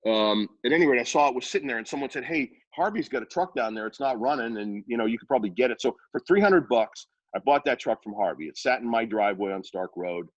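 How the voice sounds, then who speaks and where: A man in his fifties from Worcester, Massachusetts, a radio personality telling rambling, animated anecdotes in a casual interview. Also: medium pitch, fast talker, hardly any pauses, no room sound, lo-fi sound. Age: 50s.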